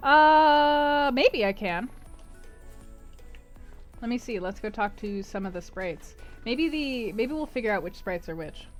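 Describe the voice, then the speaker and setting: Woman streamer rambling and laughing while she games, kinda high voice, soft music behind. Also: lively intonation, measured pace. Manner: chatty and rambling, laughs often. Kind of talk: casual chat while gaming.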